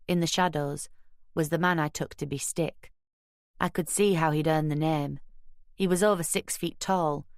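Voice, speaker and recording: A woman narrating a crime audiobook in the first person, measured and wry, recorded close on a studio mic. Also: sits low, no room sound.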